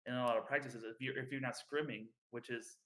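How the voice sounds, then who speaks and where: Speaking fast with a sharp, steady tone and a mid-range voice, this young male podcast co-host rambles through casual chat. His talk is full of fillers and false starts.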